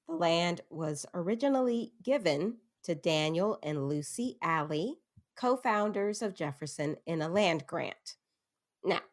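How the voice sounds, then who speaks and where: A young woman with a slightly low voice hosts a spooky-story podcast. She chats casually and pokes fun at herself. She keeps breaking into giggles between facts. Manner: giggly and self-deprecating, laughs often mid-sentence. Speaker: podcast host.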